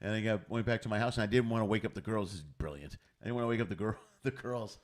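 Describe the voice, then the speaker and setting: A man hosting a casual chat over a video call, joking and throwing in quick asides. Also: lowish voice. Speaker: host.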